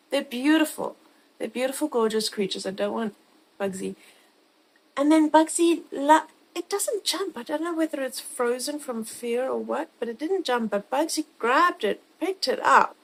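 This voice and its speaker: A woman from South Africa, vlogging in a casual, animated way, swearing freely as she retells a chaotic comic mishap. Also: mid-range voice, low-quality recording. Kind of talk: casual storytelling to camera.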